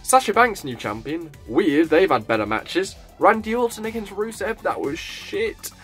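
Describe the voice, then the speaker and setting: A man talks through a wrestling event in a casual review vlog. He is blunt and swears freely. His voice sits fairly high and swings up and down a lot, with faint music underneath. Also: big pitch swings, moderate pace, fairly bright tone, breathy edge.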